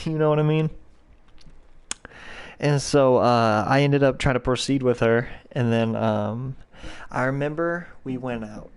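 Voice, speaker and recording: A man's voice: medium pitch, fairly even intonation, moderate pace, clear, resonant tone. A young man hosting a podcast, telling a rambling, profane story in a casual, slangy way. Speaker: podcast host.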